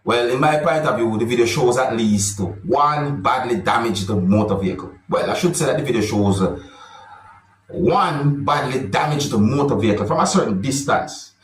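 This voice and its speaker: A man's voice: medium pitch, lively intonation, normal speed. Guy doing commentary vlog, kinda far from the mic, echoey room, keeps saying viewers and subscribers. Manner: repetitive, formal phrasing addressing viewers and subscribers. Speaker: vlog host. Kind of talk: news-style commentary vlog.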